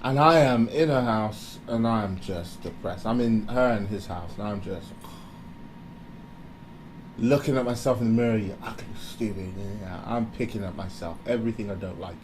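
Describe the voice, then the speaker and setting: A man giving a candid motivational talk, animated and confessional, often breaking into laughter. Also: lowish voice, normal speed, a little hiss or hum, rough recording. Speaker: speaker.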